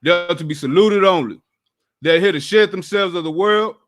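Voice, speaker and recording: A man reading out announcements to a religious class in a brisk, list-like way. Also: high-pitched.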